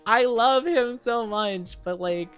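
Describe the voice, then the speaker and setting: A man's voice: very high voice, slow pace, fairly bright tone, smooth, faint music behind. A young man streaming, chatting casually in a bubbly, rambling way, reading chat aloud and giggling often.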